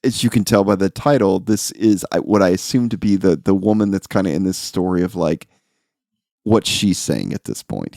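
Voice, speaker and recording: Deep, gravelly male podcast co-host. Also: darkish tone, dry recording. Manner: analytical, thinks aloud with many fillers. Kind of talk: casual music podcast chat.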